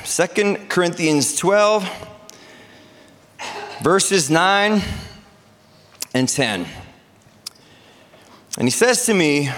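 A man's voice: sits high, lively intonation, very slow, pauses often, a bit bright, long reverb tail. A man preaching a sermon as pastor, talking in a conversational, joking way with asides and restarts.

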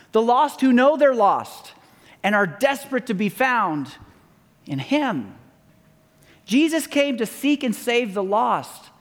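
High-voiced man preaching in a reverberant hall. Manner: conversational storytelling, acting out quoted voices. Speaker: pastor. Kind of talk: sermon.

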